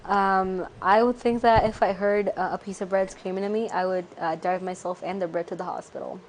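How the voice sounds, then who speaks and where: A woman on a casual comedy podcast, giving deadpan, absurd answers and short agreeing murmurs. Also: medium pitch, brisk, a little hiss or hum. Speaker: podcast guest.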